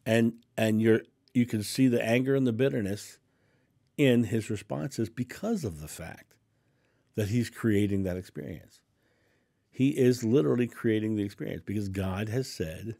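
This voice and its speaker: A man with a husky, somewhat low voice talks to his viewers in an easygoing but emphatic way. He circles back on phrases to drive them home and laughs easily. The sound is close and dry, with no room around it. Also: normal speed, dark tone, dry recording. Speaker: channel host, spiritual speaker. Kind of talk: casual monologue to camera.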